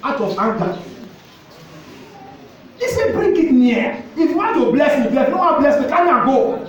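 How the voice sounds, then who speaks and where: A man's voice: very high voice, sing-song, moderate pace, highs cut off. A man with a Nigerian accent preaching a sermon as pastor, exhorting and repeating phrases, slipping into pidgin. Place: church hall. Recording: echoey church hall, mic at a distance, faint ambience.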